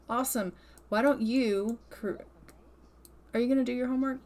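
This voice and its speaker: Brisk and a little high, with a darkish tone, a woman runs a casual let's-play in which she chides her game characters. She also puts words in their mouths, voicing their thoughts as quotes.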